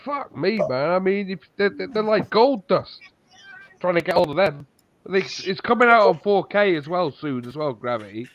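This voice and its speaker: A man chatting on a live stream, excitable and swearing often as he tells stories. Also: high voice, normal speed. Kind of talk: casual chat on a live stream. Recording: dull, lo-fi call audio.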